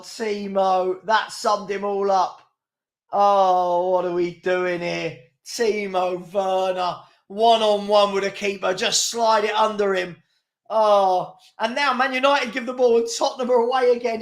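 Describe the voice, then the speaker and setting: A man hosting a live football watchalong, commentating excitably and exasperatedly and often laughing. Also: sits high. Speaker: fan channel host.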